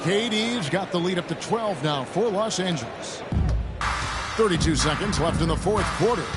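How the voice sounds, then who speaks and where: Man, video game basketball commentator, high voice, brisk excited calls, loud game music behind. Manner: brisk, excited play calling. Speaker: play-by-play commentator. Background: game music and crowd.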